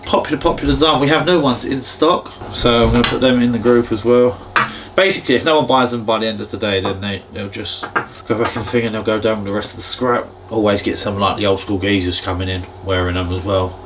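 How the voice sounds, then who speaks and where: A man's voice: fairly low pitch, steady tone, fast, noisy background. A man, a jeweller chatting casually as he walks through prices and gold tests in his shop. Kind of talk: casual explaining to camera and customer.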